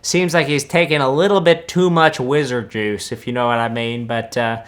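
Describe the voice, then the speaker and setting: Playing a boastful country-boy wizard, a young comedic film reactor gives smug, deadpan reactions in a laid-back, wandering drawl full of folksy asides. His mid-range voice keeps a steady tone at normal speed, a bit bright and close to everyday.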